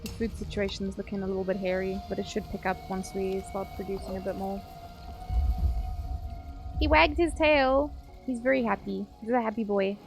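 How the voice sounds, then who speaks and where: A woman's voice: mid-range voice, level tone, quick pace, hardly any pauses, over music. A woman streaming a game, chatting casually and swearing while she plays. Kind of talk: casual gameplay commentary.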